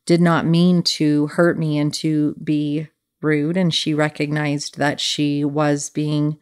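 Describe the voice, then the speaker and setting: A middle-aged woman hosting a podcast, telling a personal story in a soft, earnest, reflective way. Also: low voice. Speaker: podcast host.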